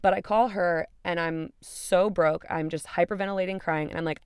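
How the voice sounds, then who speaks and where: A woman's voice: low-pitched, animated, quick pace, gravelly, few pauses, clean tone, no room sound, studio quality. A woman in her twenties hosting a podcast, telling a personal story in a candid, casual way and swearing freely. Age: 20s. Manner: candid and profane, retelling with acted-out quotes. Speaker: podcast host.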